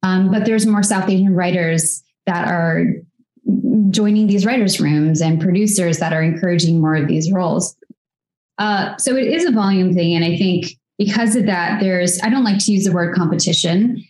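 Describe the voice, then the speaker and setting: A woman's voice: lowish voice, moderate pace, darkish tone. A woman in her thirties, an actress guest in a casual interview, talking in a reflective, chatty way with many fillers. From United States. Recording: echoey room.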